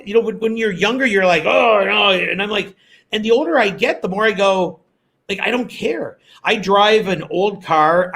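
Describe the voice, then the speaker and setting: A man, a former radio host and guest, telling stories in a casual interview, acting out quotes as he goes. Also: high voice. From Canada. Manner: animated storyteller, acts out quotes.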